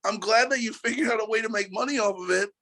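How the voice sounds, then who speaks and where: A musician from New York City, guesting on a casual interview, rants in an animated, profane way and laughs between points. His voice is high-pitched and fast.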